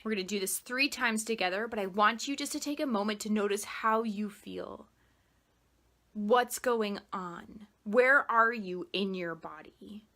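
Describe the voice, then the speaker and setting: A woman explaining meditation in a casual, gushing way, swearing freely and saying "like" a lot, then dropping soft and quiet to count a guided breathing exercise. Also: mid-range voice, unhurried. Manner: drops soft and quiet when guiding the breaths. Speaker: meditation teacher.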